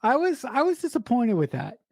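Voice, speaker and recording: A man's voice: very high voice, huge pitch swings, brisk, no echo, clean studio sound. A man co-hosting a podcast in casual film review chat, emphatic and repeating his words. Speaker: podcast co-host.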